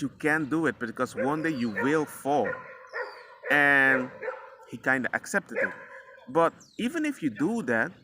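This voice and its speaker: A father with a slightly high voice tells casual stories about raising his son, slangy and rambling, often imitating what each of them said. He's outside near a passing dog walker, and there's background noise.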